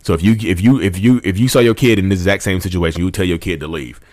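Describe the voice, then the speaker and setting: Podcast host, man in his thirties, low voice, rapid impassioned rant, repeats himself. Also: darkish tone. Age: 30s. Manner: rambling, repetitive, fervent, addresses listeners as y'all.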